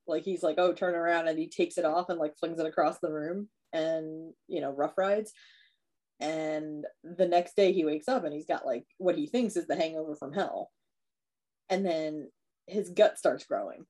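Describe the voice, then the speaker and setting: Chatty woman with a dark, low voice. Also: normal speed. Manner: chatty, acts out characters' lines with lots of fillers. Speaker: podcast co-host. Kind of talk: casual chat, retelling a horror film plot.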